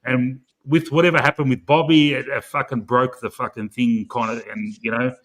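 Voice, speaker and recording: A man's voice: medium pitch, flat delivery, normal speed, fairly bright tone, low-quality recording. A man in casual chat on a late-night call, talking bluntly and swearing freely.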